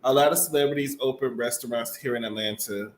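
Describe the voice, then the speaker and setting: A man's voice: medium pitch, fast. Opinionated man in a roomy echo. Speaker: co-host. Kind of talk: casual gossip chat. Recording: roomy echo, faint noise.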